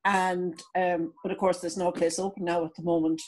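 A woman's voice: lowish voice, flat delivery, normal speed. Chatty Irish woman on a video call. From Ireland. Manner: chatty reminiscing, many restarts. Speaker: guest. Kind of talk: video call interview chat.

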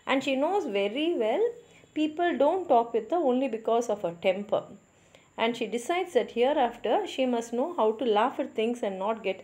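A woman's voice: fairly high pitch, a little mellow. Indian woman explaining a story. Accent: Indian English. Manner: explains plainly, glossing words for students. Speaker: English literature teacher. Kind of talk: lecture summarizing a short story.

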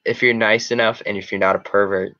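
A man's voice: on the low side, little pitch movement, brisk, pushed and bright. Young guy chatting with viewers, lots of ums, kinda muffled lo-fi sound. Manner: rambling, many fillers and restarts, laughs often. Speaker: show host. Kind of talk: casual live-stream chat answering viewers.

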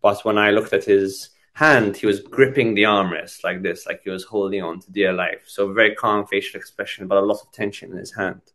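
A man's voice: fairly low pitch, steady tone, a little fast, hardly any pauses, a bit bright. Man giving a thoughtful lecture. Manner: thoughtful, many restarts and repetitions. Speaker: psychiatry lecturer. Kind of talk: conversational teaching talk.

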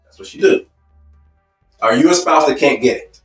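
A man's voice: on the high side, normal speed, far from the mic, soft background music. Emphatic man teaching a seminar, echoey. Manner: emphatic and repetitive, stacking phrases; illustrates points with personal stories. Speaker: marriage seminar speaker. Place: seminar room.

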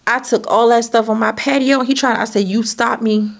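A woman vlogger telling a personal story in an animated, dramatic way, speaking straight to her viewers and acting out what people said. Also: fairly quick, vocal fry. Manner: acts out quotes with sudden high-pitched bursts. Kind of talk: storytime vlog.

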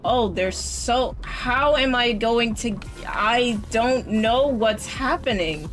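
A woman streaming a game live, excitable, talking back to the game, swearing and laughing as she plays. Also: a little high, takes it slowly, faint music behind, poor audio. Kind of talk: live gameplay commentary.

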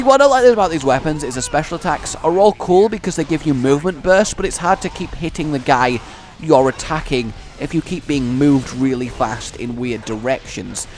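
A young man commenting on his own gameplay in a playful way, mocking and taunting the characters on screen with grand heroic lines. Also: mid-range voice. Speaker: gaming YouTuber.

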